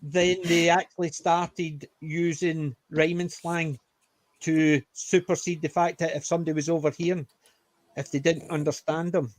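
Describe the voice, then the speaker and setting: Man, high voice, chuckling explainer, casual video-call chat. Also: little pitch movement, normal speed, dry recording. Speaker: panelist.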